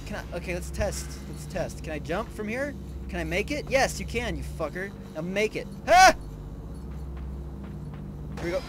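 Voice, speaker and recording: A young man giving playthrough commentary on a puzzle game, excitable and often yelling at the screen. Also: on the high side, normal speed, background noise. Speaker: gamer. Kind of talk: let's play commentary. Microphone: desk mic with facecam.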